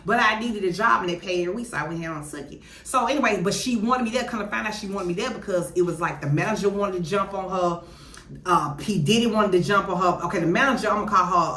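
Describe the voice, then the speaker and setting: A woman telling a storytime in an animated, blunt and profane way. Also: mid-range voice. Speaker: YouTuber. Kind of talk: casual storytime. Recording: echoey room.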